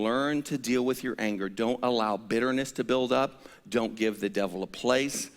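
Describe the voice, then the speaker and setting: A man preaching a sermon as pastor, telling a story with lively, animated delivery that climbs to high-pitched exasperation. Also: normal speed. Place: church sanctuary. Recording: church hall with long reverb.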